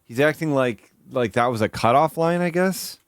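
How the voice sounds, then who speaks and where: A man's voice: medium pitch, normal speed, noisy background. A man streaming casual reaction commentary, puzzling aloud over jokes and picking them apart.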